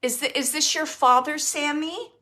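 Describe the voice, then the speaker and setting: A woman working as a psychic medium, relaying messages in a halting way, repeating herself and dropping into whispered asides. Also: high-pitched, pushed and bright. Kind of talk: live spirit reading.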